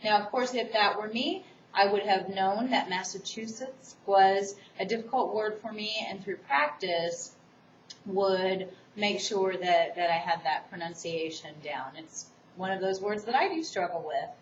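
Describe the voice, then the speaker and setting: A woman public speaking instructor giving a recorded course lecture, explaining the assignment in a quick, enthusiastic way. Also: medium pitch, a little hiss or hum. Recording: distant, roomy, dull recording.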